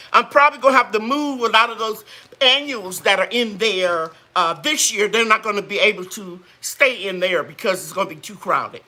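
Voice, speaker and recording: A woman's voice: medium pitch, pushed and bright. A woman hosting a live gardening chat, folksy and chatty, greeting viewers and laughing often. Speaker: gardening channel host.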